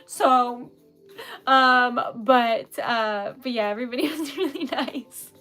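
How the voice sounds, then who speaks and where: A woman's voice: a little high, takes it slowly, bright, forceful tone, faint music behind. A young woman from New England chatting casually with live viewers, emotional and giggly, rambling with lots of fillers. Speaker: livestream host, poet.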